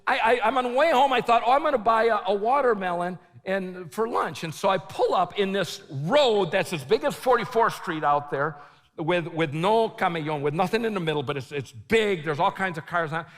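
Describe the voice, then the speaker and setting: A middle-aged man preaches to a large crowd, telling a story with lots of energy and shouting at the high points. His voice sits high and swings widely in pitch. A long reverb from the big conference hall trails his words. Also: a little fast. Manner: animated, shouting at the peaks, laughing, quoting himself. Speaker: conference speaker. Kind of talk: storytelling sermon.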